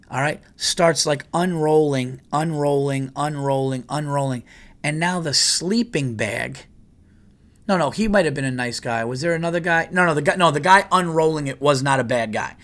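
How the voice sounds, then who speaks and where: A man telling a long story in casual podcast chat, profane and animated, jumping into exasperated quoted asides. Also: a little high. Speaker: podcast host.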